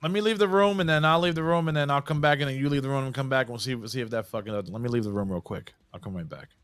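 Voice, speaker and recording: A man's voice: mid-range voice, rapid-fire, a bit bright, clean tone, no room sound. A man co-hosting a podcast over a video call, talking loosely and joking with plenty of swearing. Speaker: podcast co-host. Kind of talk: casual chat.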